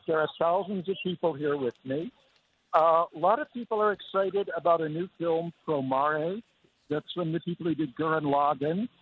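A man's voice: on the high side, moderate pace. Upbeat man on a tinny phone line. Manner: upbeat, fond of colorful phrases. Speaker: animation critic reporting remotely. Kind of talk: enthusiastic remote report. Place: convention center floor. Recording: phone line with faint noise.

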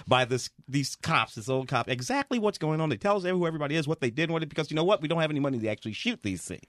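A man's voice: fairly high pitch, racing, no room sound, clean studio sound. A man reviewing a film on a radio show, sarcastic and full of fillers. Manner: sarcastic, animated, with many fillers. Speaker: film critic. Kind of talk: casual critical chat. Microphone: studio microphone.

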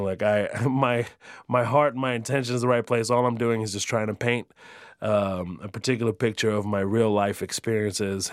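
Low-voiced comedian, halting and chatty. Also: male voice, dry recording, studio quality. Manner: halting, many fillers and restarts, rises when excited. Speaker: stand-up comedian. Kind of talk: interview answers.

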